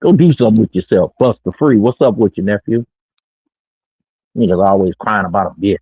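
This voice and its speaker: Brisk and slightly rough at a fairly low pitch, a middle-aged streamer delivers brash, boastful dating talk in slangy street speech as a casual monologue. He is in his own small studio, and the recording is dry and tinny, like a phone line.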